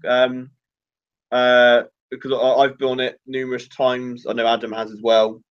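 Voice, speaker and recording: A young man hosting a casual fan livestream, chatty and quick to laugh, with lots of fillers and restarts. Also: medium pitch, completely flat delivery, smooth. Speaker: livestream host. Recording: dull lo-fi livestream audio.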